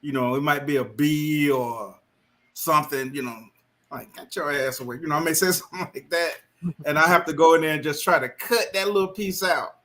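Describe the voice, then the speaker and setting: A man's voice: on the high side, normal speed, bright, forceful tone. A man chatting casually on a live stream, folksy and laughing often. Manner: folksy, laughs often, says "you know what I'm saying". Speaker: guest.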